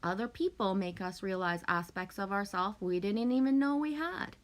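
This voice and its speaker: A woman's voice: medium pitch, normal speed. A woman hosting a casual livestream, rambling and emphatic as she vents to her viewers, swearing often. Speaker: livestream host. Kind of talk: casual venting to chat.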